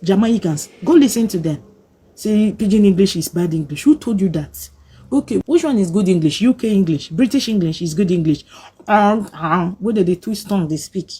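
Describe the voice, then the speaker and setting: A woman's voice: mid-range voice, moderate pace, warm tone, husky. A woman with a Nigerian accent scolding her viewers in an emphatic vlog rant, slipping into pidgin. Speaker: vlogger. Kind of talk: opinionated rant to camera.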